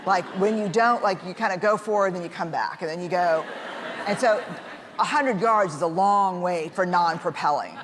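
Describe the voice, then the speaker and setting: A woman's voice: lowish voice, moderate pace, a crowd in the background. A woman telling a personal story about her family in a casual, chatty way, with lots of fillers and bits of laughter. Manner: acts out voices of family members in quotes. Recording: echoey hall with faint background noise.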